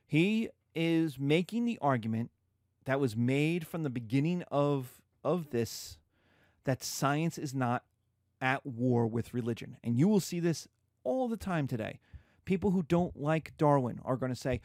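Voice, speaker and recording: A man's voice: mid-range voice, measured pace, no echo, clean studio sound. A man giving a conversational history lecture, acting out scenes as he goes. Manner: animated, conversational, acts out scenes. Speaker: history teacher. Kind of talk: classroom lecture.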